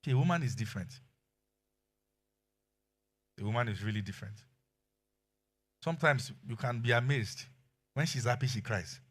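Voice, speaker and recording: A middle-aged man with a Nigerian accent preaching a sermon as pastor, telling animated stories and acting out quotes. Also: medium pitch, normal speed, long pauses, slightly rough. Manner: animated storytelling with acted quotes and laughter.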